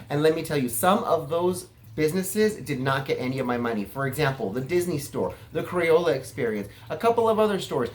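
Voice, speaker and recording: A man from California giving a casual, self-assured vlog monologue, chatty and flamboyant in manner. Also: medium pitch. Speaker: political vlogger.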